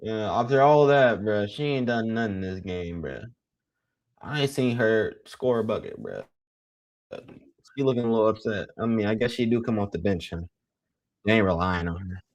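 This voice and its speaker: A young man giving casual live play-by-play commentary, excitable and teasing, full of slang. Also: lowish voice, moderate pace, pauses often.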